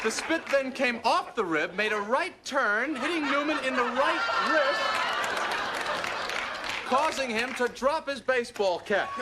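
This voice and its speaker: Give me a slow, high-voiced sitcom man delivering a deadpan breakdown over loud audience laughter. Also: very noisy. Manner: mock-forensic, deadpan storytelling. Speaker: sitcom character.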